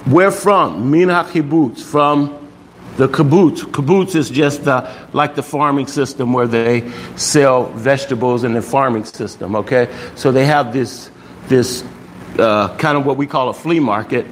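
A man's voice: mid-range voice, unhurried, a little hiss or hum, low-quality recording. A man teaching a language class in a patient, explaining way, often stopping to check that students follow. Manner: patient, checks understanding with frequent "okay?". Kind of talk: classroom lesson.

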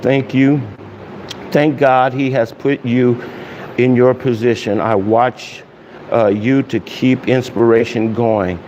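A man serving as pastor, leading a casual online Bible study and prayer, greeting viewers with loose pauses and fillers. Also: mid-range voice, steady tone, a little mellow. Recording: dull hall echo with faint hiss.

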